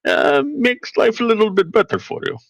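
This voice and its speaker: A man's voice: high-pitched, wildly swooping pitch, moderate pace, creaky, slightly rough, dry recording, lo-fi sound, voice pushed up, full character voice. A man voicing a mock Russian man with a heavy, hammed-up Russian accent over a dry call-in mic. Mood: hammy. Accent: Russian, put on.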